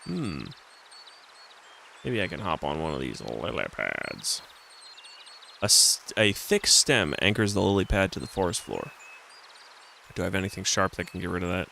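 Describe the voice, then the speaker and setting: A man's voice: deep voice, big pitch swings, moderate pace, gravelly, pauses often, pushed and bright, a little hiss or hum. A man streaming a retro game, chatting casually to himself and reading the in-game text aloud. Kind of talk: casual let's-play commentary.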